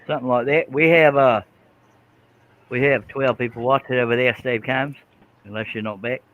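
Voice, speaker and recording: A man hosting a live stream over a video call, joking loudly with his panel. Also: medium pitch, fairly even intonation, normal speed, dry recording. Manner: joking, loud, slips into put-on accents. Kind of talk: casual banter on a live stream. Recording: dull lo-fi stream audio with faint noise.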